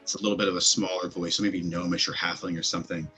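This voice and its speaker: A man's voice: low voice, level tone, quick pace, pushed and bright. A man narrating a tabletop game as game master, describing sounds in loose, rambling sentences full of fillers. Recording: faint music behind.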